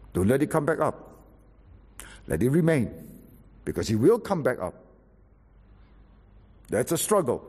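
Male preacher, husky, wide swooping pitch, loud-to-soft emphatic delivery, big reverberant hall. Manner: emphatic, animated preaching with sudden drops to quiet. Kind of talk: sermon.

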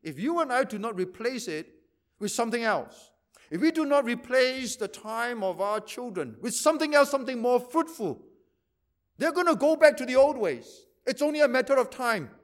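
A pastor preaching a sermon, repeating phrases for emphasis and swinging from loud to quiet. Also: male voice, very high voice, big pitch swings, moderate pace.

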